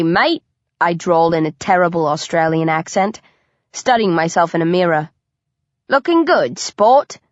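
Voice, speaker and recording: A woman reading a first-person audiobook aloud with lively storytelling and a sly, dry humor. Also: lowish voice, no room sound. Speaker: audiobook narrator. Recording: dull lo-fi dry recording.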